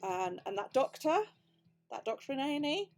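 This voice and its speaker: A British crafting vlogger with a high, animated voice chats casually at normal speed over soft background music. She tells a story, swears freely, and acts out the quoted dialogue.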